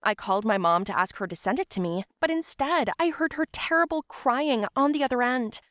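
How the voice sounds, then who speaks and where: A woman's voice: on the high side, animated, normal speed, hardly any pauses, fairly bright tone, no echo, studio quality. A woman narrating a first-person story and voicing all the other characters herself.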